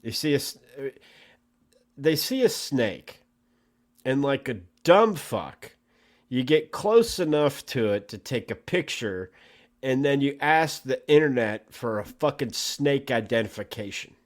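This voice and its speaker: A man's voice: mid-range voice, very animated, measured pace. A man co-hosting a podcast, ranting in a profane, exasperated way in casual chat. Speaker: podcast co-host.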